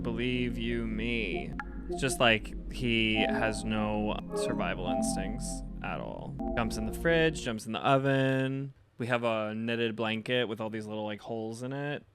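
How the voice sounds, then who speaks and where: A man streaming live gameplay from home, chatting with viewers, easily frustrated and prone to sudden shouts. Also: fairly low pitch. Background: game music.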